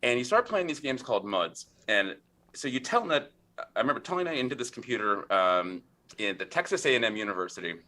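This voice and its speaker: Bright-voiced man telling an animated story. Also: medium pitch, fairly quick. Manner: animated, acts out lines of game text; chatty, full of fillers and "right?". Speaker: podcast guest. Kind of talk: conversational storytelling.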